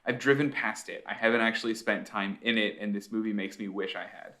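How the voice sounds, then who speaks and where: A man co-hosting a casual podcast chat, telling stories in a lively, animated way. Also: lowish voice, fairly quick. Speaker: podcast co-host.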